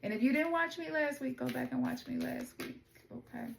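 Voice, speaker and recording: A woman's voice: high voice, fairly quick, gravelly, roomy sound, background noise. Chatty Southern woman reading oracle cards. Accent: Southern US (Memphis). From Memphis, Tennessee. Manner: chatty, informal, addresses viewers as y'all. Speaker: oracle card reader. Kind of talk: casual spiritual card reading.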